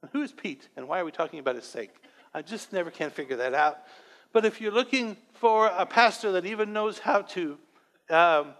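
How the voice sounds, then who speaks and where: Male pastor, high voice, emotional and rambling sermon with self-deprecating jokes, long hall echo. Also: fairly bright tone. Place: church sanctuary. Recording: long church-hall reverb.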